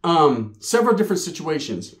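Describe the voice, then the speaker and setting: A man telling a profane, animated street story on his channel, slipping into voices for the people he quotes. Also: on the high side, fairly quick. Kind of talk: casual storytelling vlog. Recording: roomy echo.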